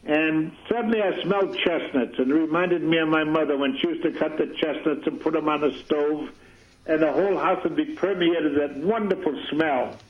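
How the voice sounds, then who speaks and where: A man's voice: fairly high pitch, moderate pace, muffled recording. An older man telling a folksy, rambling story in an archival radio clip.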